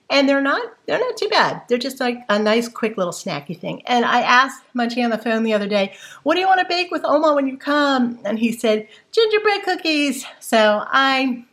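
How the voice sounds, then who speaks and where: A woman's voice: a little high, fairly bright tone. Chatty grandmotherly woman in her sixties. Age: 60s. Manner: chatty, homey, rambling with fillers. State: out of breath. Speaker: vlog host. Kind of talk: casual grocery haul chat.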